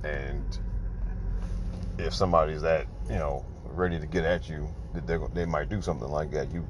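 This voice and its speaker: A man's voice: rumbling low, fairly even intonation, moderate pace, background noise. A man hosting a livestream, giving casual ranting commentary in an exasperated, incredulous way, firing off rhetorical questions. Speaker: livestream host.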